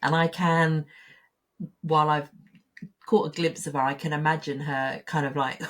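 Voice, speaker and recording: A woman's voice: deep voice, fairly even intonation, moderate pace, a bit bright. A woman hosting a podcast interview, encouraging her guest with short affirmations. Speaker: podcast host. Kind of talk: interview chat.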